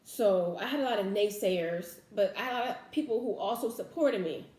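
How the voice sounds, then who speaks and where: A woman's voice: medium pitch, moderate pace, darkish tone, reverberant. A young woman vlogger telling a personal faith story in casual talk, earnest and emotional, full of fillers and restarts.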